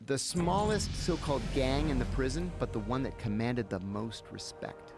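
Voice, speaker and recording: A podcast guest with a mid-range voice and moderate pace tells a story in casual conversation. The man is animated, acting out what people said, over music in the background.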